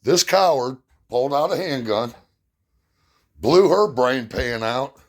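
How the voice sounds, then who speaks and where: A man's voice: medium pitch, lively intonation, takes it slowly. A man with a mid-range voice tells personal stories from his own life. His delivery is blunt and plain-spoken, and he stresses his points hard as he retells them. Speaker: storyteller. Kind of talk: personal storytelling.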